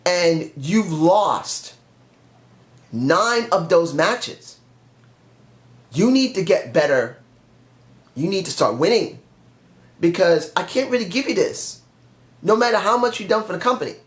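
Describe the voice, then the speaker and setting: A man's voice: sits high, animated, measured pace, pauses often. A man doing a stern, lecturing company boss. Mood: firm. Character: stern male company chairman. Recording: roomy echo.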